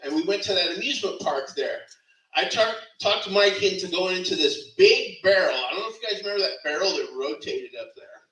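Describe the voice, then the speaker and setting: A man's voice: high-pitched, lively intonation, brisk, bright, forceful tone. A middle-aged man giving a rambling funeral eulogy, laughing through his stories and correcting himself as he goes. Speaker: eulogy speaker. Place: funeral service venue. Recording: echoey room, distant mic.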